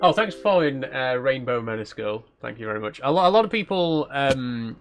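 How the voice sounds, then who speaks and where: A man from South Yorkshire with a mild Yorkshire accent, live-streaming a game and chatting as he goes. He thinks aloud in a casual, rambling way at a mid-range pitch. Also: animated, a little fast, faint music behind. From South Yorkshire, England. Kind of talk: casual live-stream commentary while playing.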